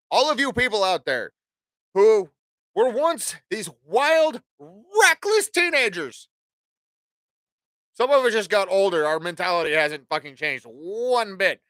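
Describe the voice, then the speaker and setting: High-voiced, bright, profane ranting man. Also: no room sound. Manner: profane, rambling, opinionated. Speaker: talk show host. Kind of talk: casual ranting monologue.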